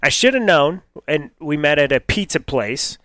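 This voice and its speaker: A man co-hosting a radio show, telling a dating story in a casual, animated way and laughing often. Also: a little high, normal speed, no room sound.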